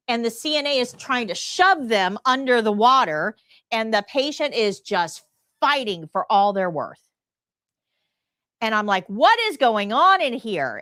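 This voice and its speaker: Lively, emphatic nursing instructor woman. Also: medium pitch, no echo, clean studio sound. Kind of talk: live class lecture.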